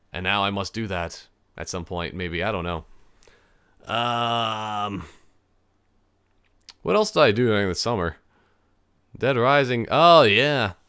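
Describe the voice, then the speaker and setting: A man's voice: lowish voice, fairly bright tone, clear, resonant tone, no echo, clean studio sound. A young man chatting casually on his own podcast, rambling and interrupting himself, now and then laughing at his own jokes. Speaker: podcast host. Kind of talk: casual solo podcast chat.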